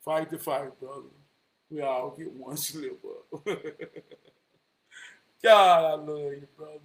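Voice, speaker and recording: Slow-talking high-voiced Southern man preaching. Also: level tone, low-quality recording. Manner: preachy, repeats phrases, swings from soft murmurs to loud bursts. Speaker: motivational vlogger. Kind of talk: heartfelt motivational shout-outs.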